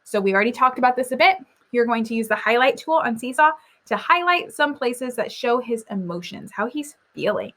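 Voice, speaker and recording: A woman's voice: on the high side, animated, fairly quick, few pauses, a bit bright. A woman teacher giving a recorded reading lesson, explaining in an upbeat, encouraging way.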